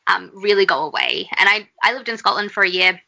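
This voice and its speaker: Bright, gravelly woman. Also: medium pitch, fairly quick, low-quality recording. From Australia. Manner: earnest and reflective, with fillers. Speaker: interview guest. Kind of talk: conversational interview.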